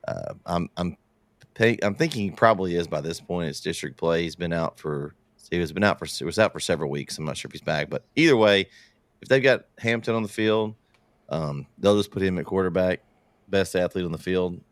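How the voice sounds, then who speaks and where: A man hosting a sports talk show, moving through the games with halting, word-searching speech. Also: sits low, no room sound. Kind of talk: casual sports chat.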